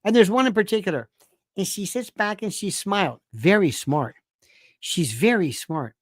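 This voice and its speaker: A man's voice: high-pitched, expressive, moderate pace, no room sound. Middle-aged guy ranting on his talk show, repeats himself a lot, sarcastic, dry close sound. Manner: emphatic, repetitive, sarcastic. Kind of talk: ranting political commentary.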